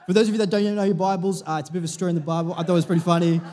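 Chatty pastor preaching, higher voice. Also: male voice, fairly even intonation, rapid-fire, a little mellow. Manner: chatty, jokey, self-interrupting preaching. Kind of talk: sermon. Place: church service with congregation.

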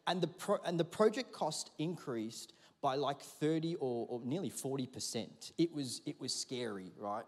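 A man preaching a sermon in a church, telling a story in a lively, conversational way and calling for responses from the congregation. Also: medium pitch, moderate pace, hardly any pauses. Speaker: pastor. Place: large church auditorium. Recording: long hall reverb.

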